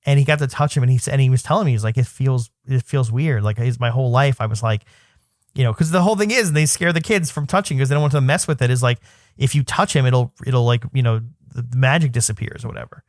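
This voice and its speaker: A man's voice: mid-range voice, fast, no room sound, clean studio sound. A man in his thirties co-hosting a podcast, telling a long personal story in a rambling casual way with many fillers and restarts. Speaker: podcast co-host. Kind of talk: casual chat.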